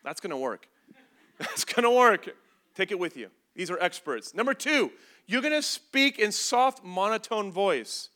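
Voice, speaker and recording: Animated, bright-voiced male preacher. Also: high voice, moderate pace. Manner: animated, comedic, acts out scenes with voices. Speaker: pastor. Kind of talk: sermon.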